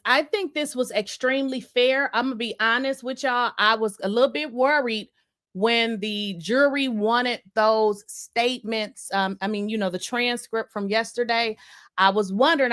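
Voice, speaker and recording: An excitable woman hosts a casual livestream and chats straight to her viewers. She is out of breath and her voice sits a little high. She talks fast and loose. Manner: excitable, chatty, addresses viewers as y'all. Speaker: livestream host. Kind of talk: casual live chat.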